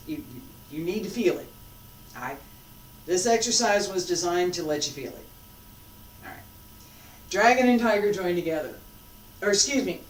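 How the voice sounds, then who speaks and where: A qigong instructor leading a guided exercise class, giving short calm cues and then explaining loosely with restarts. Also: medium pitch, a little hiss or hum. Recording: echoey room, voice from a distance.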